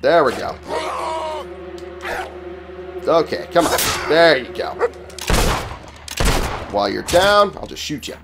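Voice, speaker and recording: A man's voice: on the high side, big pitch swings, slow pace, creaky, long pauses, background noise. A man giving casual, profane commentary while playing a video game, sarcastic and exclaiming at enemies as he fights. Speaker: gaming channel host. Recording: game music behind voice.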